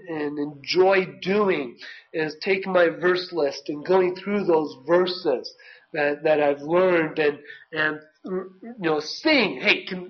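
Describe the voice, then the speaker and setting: Slow, high-voiced male preacher. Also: muffled recording. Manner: earnest, reads scripture aloud, self-corrects. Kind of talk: sermon.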